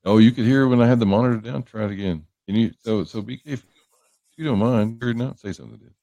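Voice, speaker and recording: A man's voice: mid-range voice, fast, creaky, mellow, dry recording, lo-fi sound. A man hosting a livestream, chatting casually and joking as he greets viewers by name. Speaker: livestream host. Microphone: headphones on a livestream setup.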